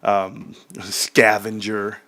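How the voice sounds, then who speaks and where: A man's voice: fairly low pitch, little pitch movement, drawn-out words, a bit bright. A man ranting casually about stocks, joking and mocking others, now and then mimicking them in put-on voices. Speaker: stock commentary YouTuber.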